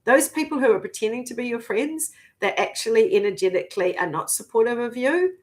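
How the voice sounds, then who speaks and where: A woman's voice: fairly high pitch, expressive, fairly quick. Woman, 50s, spiritual coach vlogging; swears freely, punches words, then drops to a whisper. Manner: profane and emphatic, swings between declaring and hushed whispers. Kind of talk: spiritual vlog monologue.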